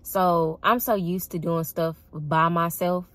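A woman's voice: on the low side, steady tone, slow pace. A young woman telling a dating story to her viewers in a casual, chatty way, often laughing and calling them y'all. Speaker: vlogger.

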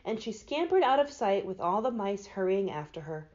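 A woman, a librarian, reads a children's storybook aloud with expressive narration. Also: mid-range voice, brisk. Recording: dull lo-fi recording.

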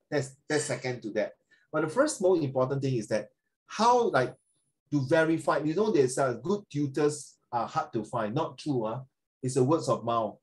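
An older man, teaching a lesson in a chatty, animated way and dropping in Chinese tag words. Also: medium pitch, rough recording. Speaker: tutor. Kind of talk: online English lesson.

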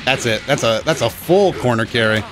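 A man giving excited, self-mocking commentary over his own fighting-game matches, groaning at losses and cheering at wins. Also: mid-range voice, fairly quick. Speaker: gaming channel host. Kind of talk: live gameplay commentary. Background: game music and sound effects.

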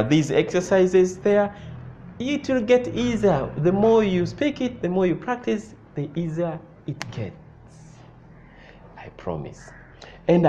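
A man teaching a language lesson, slowly repeating example phrases and asking learners whether they follow. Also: high voice, darkish tone. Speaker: Swahili teacher. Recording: dull lo-fi sound.

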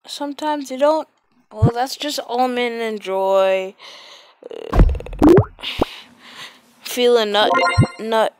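A woman's voice: fairly high pitch, huge pitch swings, slow, pauses often. A woman giving casual, sarcastic gameplay commentary into a close mic, with sudden exclamations. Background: loud game music.

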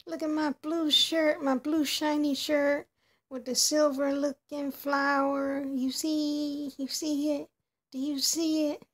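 Showy young female doll on her way out clubbing, voiced by a woman; keep it playful and chatty, high and unhurried. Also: little pitch movement. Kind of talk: doll play narration.

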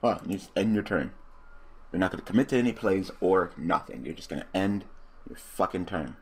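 Lively, low-voiced man gaming. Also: a little fast, husky. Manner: profane, bursts into loud excited outbursts and laughter. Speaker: gaming commentator. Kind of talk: casual let's-play commentary.

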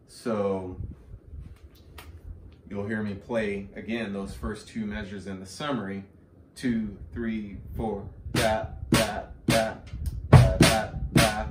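A man explains drum exercises at a very slow, patient pace, counting beats and scatting the patterns out loud. His voice sits a little low. He sounds set back from the mic in a roomy space with a faint hiss underneath. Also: recorded from a distance. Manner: slow, counts and sings rhythms aloud. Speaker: drum teacher.

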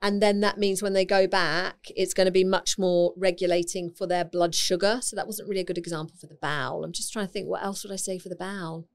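A woman's voice: on the low side, flat delivery, quick pace, hardly any pauses. A woman, a naturopath guest in a podcast interview, explaining nutrition in a chatty, explanatory way. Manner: chatty, explanatory, laughs easily. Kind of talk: casual interview chat.

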